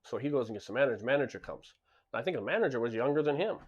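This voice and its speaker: A man's voice: medium pitch, animated, rapid-fire, slightly rough, muffled recording. A man who owns a club tells stories in a casual monologue, blunt and emphatic, often repeating words as he restarts sentences. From lives in Japan. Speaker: club and bar owner.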